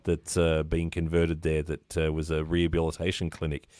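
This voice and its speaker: Deep-voiced Australian man hosting. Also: monotone, normal speed, a little mellow, dry recording, clean studio sound. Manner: chatty storyteller, rambling with fillers. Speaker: livestream host. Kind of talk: casual interview chat.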